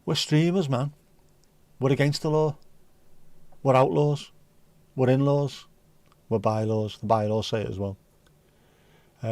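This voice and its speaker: A man's voice: mid-range voice, steady tone, moderate pace, pauses often, warm tone, no echo. A man from North West England, hosting a casual livestream and bantering with chat comments. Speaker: livestream host.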